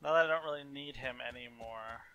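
Bright, joking young man. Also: medium pitch, a little fast. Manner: joking, chatty, laughs easily. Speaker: let's play host. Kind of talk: casual gameplay commentary. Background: faint game music.

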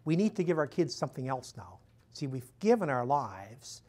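A man's voice: medium pitch, very animated, moderate pace, a little mellow. A male missionary priest talks to a room full of listeners in a loose, conversational way. He strings his points together as stories and often drops in "you know". When he quotes someone, he lifts his voice to act out the dialogue. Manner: chatty, storytelling, acts out quoted dialogue in a raised voice, frequent "you know". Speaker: missionary priest giving a talk. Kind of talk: conversational lecture to a live audience. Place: room with a live audience.

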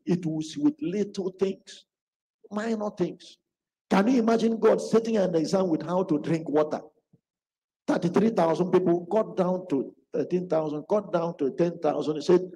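A man's voice: high voice, normal speed, creaky, dark tone. A man preaching a sermon, telling a story and acting out what the people in it say. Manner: acts out quoted speech in his stories. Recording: long hall reverb.

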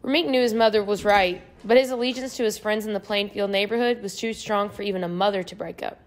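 A woman's voice: mid-range voice, fairly even intonation, fast. Woman narrating an audiobook. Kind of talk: scripted narration.

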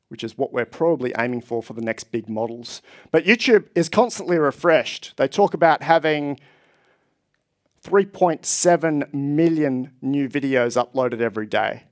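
A man giving a technical conference presentation on stage, explaining with enthusiasm and speaking to a live audience. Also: mid-range voice.

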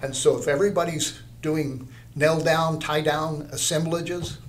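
Older man, art teacher, rambling anecdotes, lively retelling, faint noise behind. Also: fairly high pitch, measured pace. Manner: rambling, animated storyteller with many restarts. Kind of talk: anecdotal interview storytelling.

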